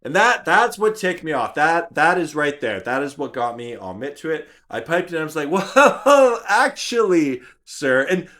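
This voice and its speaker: A man vlogs a story with a lively voice that swoops up and down, pitched a touch high. He narrates with self-mocking humor, repeating himself for effect. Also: fairly quick, hardly any pauses. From Canada. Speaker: YouTube channel host. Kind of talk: vlog storytelling.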